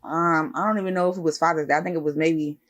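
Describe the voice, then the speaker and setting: A woman's voice: deep voice, steady tone, fast. Woman, podcast co-host, casual chat, candid, open, talks at length.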